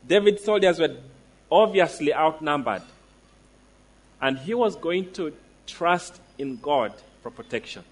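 A man preaching a sermon, emphatic, slowing down to stress declarations and asking the listeners direct questions. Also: a little high.

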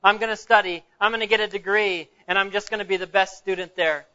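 An eager, boastful teenage graduate, as a male preacher puts him on in a story, reeling off plans one after another. The voice sits high and bright. The recording is dull and lo-fi. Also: steady tone, fast, clean tone.

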